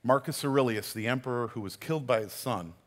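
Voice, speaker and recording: A man's voice: mid-range voice, fast talker, in a large hall. A man giving a sermon as a community pastor, telling the story in a conversational way and often restarting his words.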